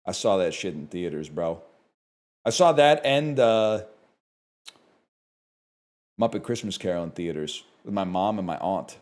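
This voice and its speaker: A man's voice: low-pitched, measured pace, pauses often. A man from Canada chatting live on his stream, ranting and swearing at his chat. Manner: animated, profane ranting to chat.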